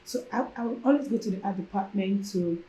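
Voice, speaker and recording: A young woman with a Nigerian accent is a podcast guest who tells her personal story quickly and casually in a mid-range voice. She is animated and acts out the lines of the people involved, and the recording has a roomy echo.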